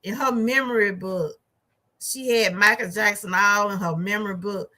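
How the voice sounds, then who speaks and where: A middle-aged woman, reviewing a movie in a chatty, animated way. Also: mid-range voice, normal speed. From Georgia, USA. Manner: animated, chatty storytelling with laughs and asides. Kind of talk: casual chat.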